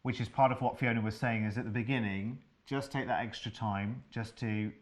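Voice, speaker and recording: A man's voice: fairly low pitch, fairly even intonation, fairly quick. Chatty man hosting a sewing show. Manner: chatty, enthusiastic, asks the guest questions. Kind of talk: live studio presenting. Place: TV studio.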